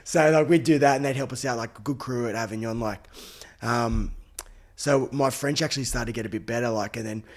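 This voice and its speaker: A man's voice: medium pitch, a little fast. Laid-back Australian man telling stories. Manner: laid-back storytelling, slangy, laughs often. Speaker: podcast guest, former rugby league player. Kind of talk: casual chat.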